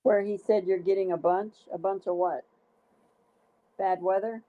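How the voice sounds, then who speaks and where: A woman's voice: mid-range voice, steady tone, moderate pace, narrow, tinny audio, slight background noise. A woman co-hosting a livestream from home, chatting casually and exclaiming often. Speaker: livestream co-host. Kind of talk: casual chat. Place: indoors at home with a dog.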